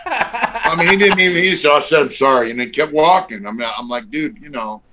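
A man's voice: fairly high pitch, a little fast, background noise. A middle-aged man telling stories on a video call interview in a blunt, profane, laid-back way full of fillers. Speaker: guest. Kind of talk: casual storytelling interview. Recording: dull lo-fi audio.

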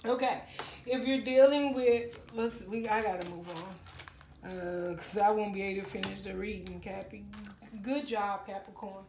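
A woman's voice: medium pitch, steady tone, a little slow, darkish tone, roomy sound, a little hiss or hum. A woman giving a casual tarot reading straight to her viewers, emotional and full of exclamations. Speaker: tarot reader.

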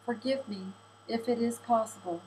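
A woman's voice: a little high, moderate pace, darkish tone, a little hiss or hum, lightly acted, rough recording. A woman voicing a young man racked with guilt, speaking earnestly and pleading for forgiveness. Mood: remorseful.

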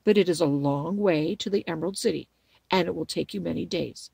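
A woman's voice: on the low side, fairly quick, gravelly, warm tone, breathy edge, no echo, full character voice. A woman voicing a grave, kindly Munchkin man who speaks earnestly.

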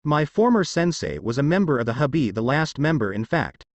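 A man voicing a sadistic, cheery female ninja with brisk, wry speech. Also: a little high, sing-song, no room sound.

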